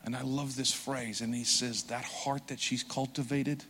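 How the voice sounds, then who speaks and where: A man preaching a sermon, moving between hushed, intimate passages and rising, fervent emphasis. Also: mid-range voice, little pitch movement, normal speed, few pauses, a little hiss or hum. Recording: long hall reverb.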